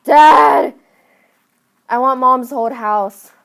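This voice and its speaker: A woman's voice: medium pitch, lively intonation, normal speed, lightly acted. A woman voicing a spoiled, entitled young woman who whines and makes bossy demands. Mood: demanding.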